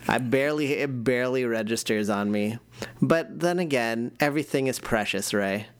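A man's voice: medium pitch, normal speed, clean tone. A young man co-hosting a casual podcast chat, laughing often and acting out family members in his stories. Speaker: podcast co-host.

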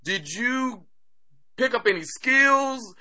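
A man's voice: very high voice, animated, slow pace, pushed and bright. A man hosting a podcast, asking an actor questions in a curious, casual way with long run-ups. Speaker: podcast host.

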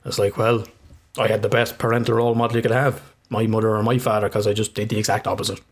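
A man's voice: on the low side, level tone, fast talker. A middle-aged man, a podcast co-host chatting casually, swearing freely and laughing through his stories. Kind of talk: casual chat.

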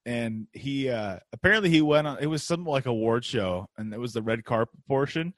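A man's voice: mid-range voice, a little fast, no echo. A man hosting a podcast, chatting casually and riffing on jokes and stories. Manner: joking, riffing, animated storytelling. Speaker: podcast host. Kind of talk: casual chat.

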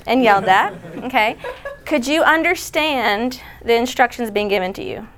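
A woman leading an interactive workshop session indoors, chatty and directing volunteers with quick asides. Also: a little high, a bit bright. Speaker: workshop speaker. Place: indoor room.

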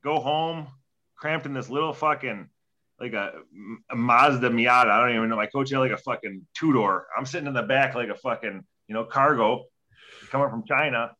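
A man's voice: mid-range voice, moderate pace, bright, forceful tone, highs cut off. A young man, a former hockey player, telling a story in a casual interview, profane and rambling, acting out quoted dialogue.

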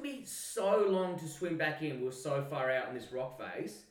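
An Australian man and podcast co-host telling an animated, sweary story in casual chat. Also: on the high side, moderate pace, recorded from a distance. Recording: roomy sound, mic set back.

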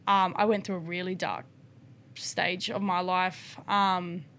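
A woman's voice: fairly low pitch, little pitch movement, slow, a bit bright, a little hiss or hum. A young woman talking frankly as a podcast guest, chatty and loose with fillers and the odd swear word. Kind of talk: casual chat.

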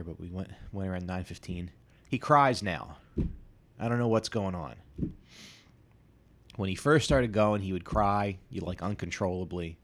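A man's voice: low voice, gravelly. A man in his thirties hosting a casual solo podcast, telling rambling, self-deprecating stories full of asides and restarts. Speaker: podcast host.

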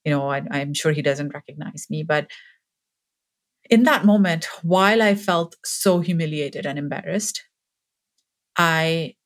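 A woman in her forties, a podcast guest, telling a personal story in an earnest, increasingly emphatic way. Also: deep voice. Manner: earnest, grows more emphatic and impassioned.

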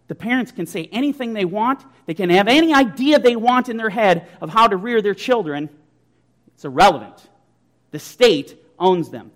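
A man preaching a sermon, forceful and emphatic, throwing rhetorical questions at his listeners. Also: sits high, lively intonation, moderate pace.

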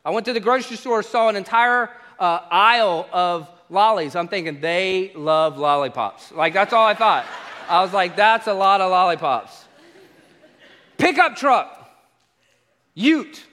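Bright, high-voiced pastor. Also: male voice, measured pace. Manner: animated storyteller, acts out exchanges. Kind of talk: sermon with humorous travel stories. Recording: echoey hall reverb.

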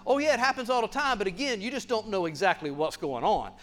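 Male pastor, high-pitched, playful and animated delivery. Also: fast talker, hardly any pauses. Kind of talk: sermon.

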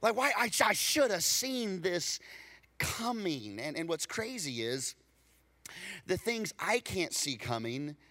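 A man preaching a storytelling sermon, animated, acting out dialogue and repeating words when excited. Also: high-pitched, slow. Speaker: pastor.

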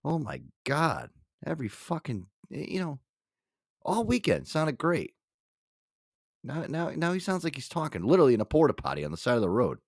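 Brief: male host, casual and profane, very expressive delivery, dry close mic. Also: a little high, moderate pace, creaky, no echo. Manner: animated, swears a lot, laughs often. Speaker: podcast host.

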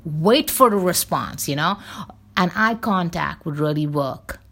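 Rambling, creaky-voiced woman podcaster. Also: fairly low pitch, expressive, a little slow, a bit bright. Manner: rambling, full of fillers and tangents. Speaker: podcast host. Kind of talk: casual rambling monologue.

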